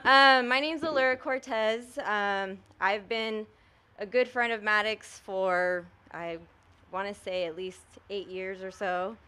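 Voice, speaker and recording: Female veteran supporter, emotional and halting, mid-pitched voice. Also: fairly even intonation, pushed and bright, clear, resonant tone. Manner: emotional, halting, laughs between phrases. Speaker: veteran and friend of the candidate. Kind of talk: informal spoken endorsement.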